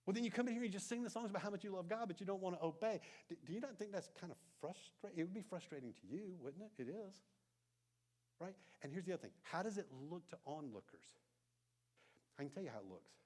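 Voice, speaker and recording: A man preaching a conversational sermon in a church, dropping to hushed tones and rising to loud emphasis. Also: high voice, animated, fast. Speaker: pastor. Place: church sanctuary.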